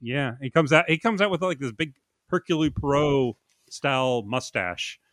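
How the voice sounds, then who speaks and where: A man co-hosting a podcast in casual chat, measured and dryly teasing. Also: mid-range voice, lively intonation, fairly bright tone, no room sound, clean studio sound. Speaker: podcast co-host.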